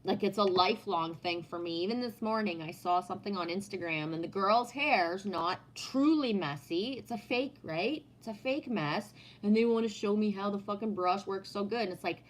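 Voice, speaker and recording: A middle-aged woman reads chat on a livestream in a mid-range voice at a moderate pace, barely pausing, with slight background noise. She chats casually and rambles, swearing freely and trailing off mid-thought.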